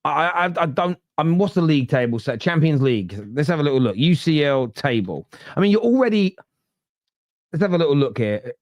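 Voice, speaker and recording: Animated man chatting football. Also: brisk, no room sound, muffled recording. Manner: animated storyteller, often rising in pitch when worked up. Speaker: podcast host reading chat comments. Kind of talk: casual football fan chat.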